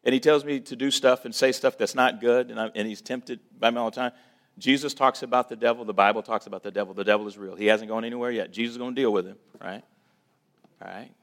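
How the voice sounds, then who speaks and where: A man giving a church talk, telling a personal story in a preaching style and acting out quoted voices, loud one moment and hushed the next. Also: medium pitch, fairly even intonation, quick pace.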